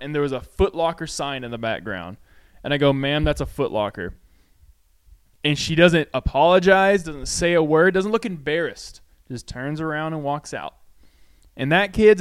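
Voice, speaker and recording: A man's voice: fairly high pitch, a little fast, smooth. A man co-hosting a podcast, telling retail stories in casual, profane chat full of fillers. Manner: profane, animated anecdote-telling with many fillers. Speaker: podcast co-host. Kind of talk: casual storytelling. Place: home studio.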